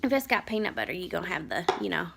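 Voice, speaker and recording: A mother in her thirties telling a story in a rambling, animated vlog and turning aside to her children. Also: fairly low pitch, very fast, creaky, noisy background. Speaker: mother vlogger.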